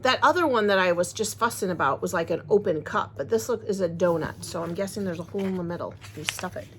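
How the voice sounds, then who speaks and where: A woman's voice: lowish voice, quick pace, a little hiss or hum. A woman chatting casually to her viewers, rambling and friendly as she unboxes crochet supplies. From Wisconsin, USA. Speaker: crochet vlogger.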